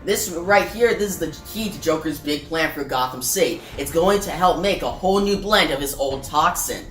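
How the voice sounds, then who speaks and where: A woman's voice: low voice, expressive, moderate pace, fairly bright tone. A woman reading the lines of a scheming female villain clown in her own voice, in an echoey room with faint music.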